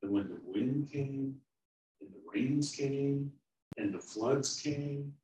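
A man telling a children's story in a sermon, slow and animated. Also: mid-range voice, a little hiss or hum. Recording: roomy, from far off.

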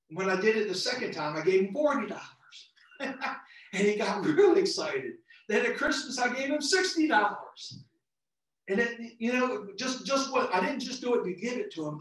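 A fervent male preacher with a rather high voice, rising into excited outbursts as he delivers a sermon. He is heard from a distance in a very echoey church, the sound washing around the room. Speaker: visiting lay preacher.

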